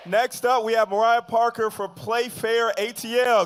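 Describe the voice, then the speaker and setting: A man's voice: extremely high pitch, steady tone, moderate pace, hardly any pauses, fairly bright tone, a little hiss or hum. A man emceeing an outdoor rally, hyping up the crowd and introducing speakers.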